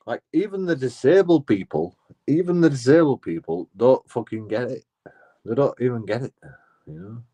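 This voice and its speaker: A man's voice: medium pitch, animated, moderate pace, dark tone. A man rambling casually in a profane, repetitive monologue, restarting his phrases as he talks. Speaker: auditor vlogger.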